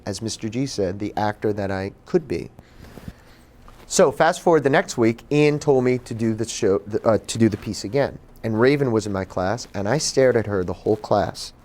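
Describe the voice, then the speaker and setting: Man telling his story to an audience. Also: medium pitch. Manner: animated, acts out quoted voices. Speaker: author and speaker. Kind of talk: personal storytelling talk to a live audience. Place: bookstore speaking event.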